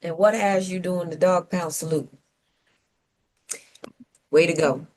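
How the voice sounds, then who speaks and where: A woman co-hosting a panel talk show, her voice sitting a touch low. She argues by sarcasm and rhetorical questions, posing as just asking. Now and then she lets out a playful whoop. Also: fairly even intonation, slow, darkish tone. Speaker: co-host of a civic talk show. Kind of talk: opinionated panel commentary.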